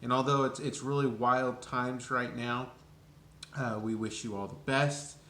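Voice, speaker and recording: A man's voice: medium pitch, steady tone, a little slow, pushed and bright, a little hiss or hum. A man giving a reflective birthday video message to a friend, speaking hesitantly with many uhs. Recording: echoey room.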